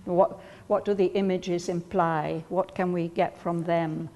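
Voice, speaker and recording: A woman leading a study group, speaking slowly and thoughtfully as she explains ideas to the others. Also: lowish voice, little pitch movement, long reverb tail. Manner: slow, thoughtful, gently explaining. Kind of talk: reflective group discussion.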